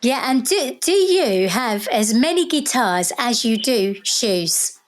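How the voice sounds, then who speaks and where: A woman hosting a casual interview, asking eager, admiring questions with halting restarts. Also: a little high, big pitch swings. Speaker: interview host.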